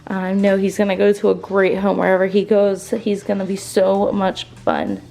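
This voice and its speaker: A woman's voice: medium pitch, normal speed, creaky, warm tone, rough recording. A young woman from Louisiana, chatting in a bubbly, giggly way to her vlog camera at home. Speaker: vlogger. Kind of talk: casual vlog chat.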